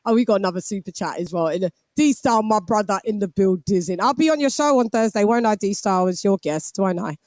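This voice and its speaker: A woman's voice: medium pitch, expressive, a little fast, few pauses, a little mellow, no room sound. A British woman in her forties hosting a boxing live stream, chatting casually and laughing while reading out viewer messages. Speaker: boxing show host.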